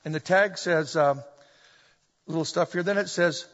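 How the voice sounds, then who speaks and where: A middle-aged man preaching a sermon, animated and full of humorous storytelling, recorded in a church hall. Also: a little high, normal speed. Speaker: pastor. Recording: dull echoey hall recording.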